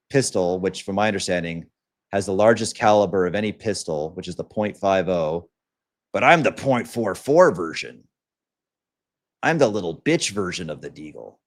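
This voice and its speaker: Low-pitched and animated, the same sort of young streamer rants crudely at a moderate pace. He keeps things blunt and profane on his livestream and frequently performs other people's lines as he quotes them.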